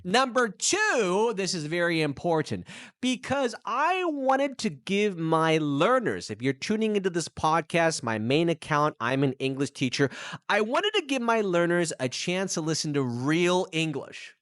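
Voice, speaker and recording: Man, podcast host and English teacher, emphatic solo talk into a mic, very lively pitch, dry close sound. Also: a little slow, no room sound. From United States. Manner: animated, emphatic, talking straight to the listener. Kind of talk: casual solo podcast monologue. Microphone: studio microphone.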